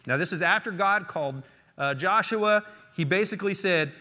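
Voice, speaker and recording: Animated male pastor in a reverberant hall. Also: high voice, moderate pace. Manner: animated preaching, reads scripture aloud and calls out to the congregation. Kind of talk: sermon. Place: church hall.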